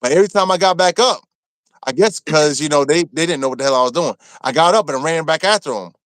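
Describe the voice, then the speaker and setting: A man from Maryland telling a rough story from his time in prison, cursing freely and acting out what people said. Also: a little high, quick pace, no room sound. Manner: animated, profane, acts out quotes. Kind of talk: casual storytelling.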